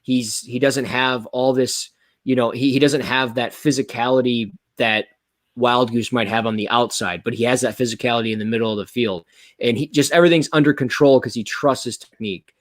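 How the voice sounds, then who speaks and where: Guy hosting a football podcast, rambly and hyped, mid pitch, dry close sound. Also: fairly quick, dry recording. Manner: rambling and excitable, many restarts. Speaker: podcast host. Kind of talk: casual sports chat.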